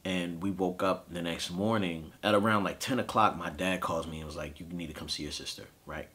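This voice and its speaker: A man in his thirties, a podcast host, telling a personal story of grief in a halting, emotional way with frequent fillers. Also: deep voice, fairly even intonation, bright, forceful tone. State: grieving.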